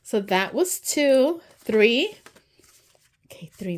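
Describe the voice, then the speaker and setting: Excitable woman gushing over an unboxing. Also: a little high, slow pace. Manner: gushing, excitable, often says "so stinking cute". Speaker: unboxing channel host. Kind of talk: casual unboxing narration.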